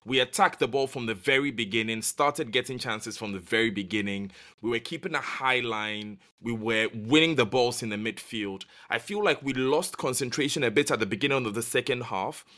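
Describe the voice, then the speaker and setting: Guy on a football podcast, bright ringing voice, reels off scores like a commentator. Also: medium pitch, brisk, few pauses. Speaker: football pundit. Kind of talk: podcast sports discussion.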